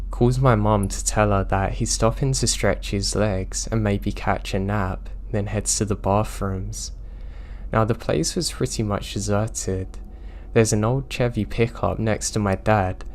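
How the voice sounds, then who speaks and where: Low-voiced man narrating horror stories. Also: darkish tone. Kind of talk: scripted narration of reader-submitted stories.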